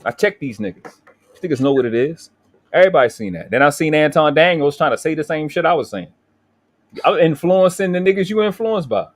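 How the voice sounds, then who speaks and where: Fast-talking Baltimore man ranting. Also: a little high, expressive. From Baltimore, USA. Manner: profane, boastful, confrontational. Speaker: livestream host. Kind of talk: heated casual livestream rant.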